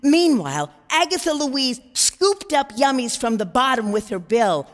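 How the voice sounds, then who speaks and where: A woman reads a children's storybook aloud with expressive storytelling. Her voice is high and lively, moving at a slow, deliberate pace. Long reverb rings around her with soft music beneath.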